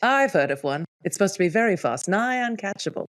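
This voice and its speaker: A woman guest on a casual film podcast, agreeable and playful, full of quick agreements. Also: mid-range voice, lively intonation.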